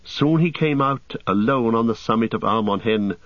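A man reading a novel aloud in measured, dramatic scripted narration. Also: medium pitch, no echo. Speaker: audiobook narrator. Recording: dull, dry audiobook recording.

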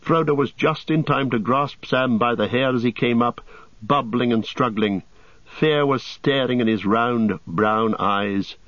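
A man narrating an audiobook with a measured storytelling delivery. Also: medium pitch, no echo. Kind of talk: scripted narration. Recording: dull audiobook studio sound.

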